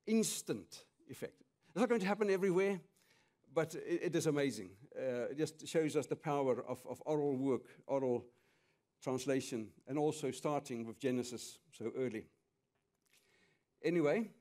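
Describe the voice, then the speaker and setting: A man's voice: a little high, darkish tone. A man presenting at a conference, speaking in an earnest, enthusiastic way.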